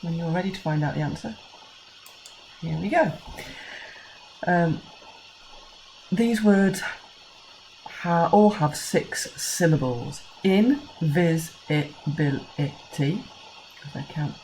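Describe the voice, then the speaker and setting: A woman teacher with an English accent, talking young pupils through a recorded lesson and counting out syllables slowly and clearly. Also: lowish voice, animated, darkish tone, a little hiss or hum, poor audio. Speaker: primary school teacher.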